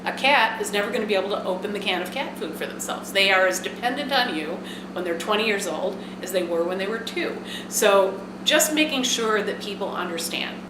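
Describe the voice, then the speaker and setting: A woman's voice: mid-range voice, lively intonation, brisk. A woman explaining cat care in a documentary interview, earnest and explanatory with a few fillers. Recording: echoey room with background noise.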